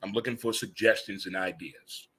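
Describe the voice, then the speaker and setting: A man's voice: on the low side, moderate pace, a bit bright, breathy edge. A man in his fifties hosting a casual live chat show, joking and laughing easily as he talks. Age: 50s. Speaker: host.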